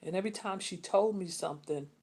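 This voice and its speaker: A woman speaks to camera, recounting something that happened to her. She rambles and repeats herself, often stopping to restart a phrase or fill a gap with "um." Her pitch sits in a middle range. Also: fast talker, a little mellow, husky. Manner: rambling and repetitive, with many restarts and "um"s. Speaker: vlogger. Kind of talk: personal storytelling to camera.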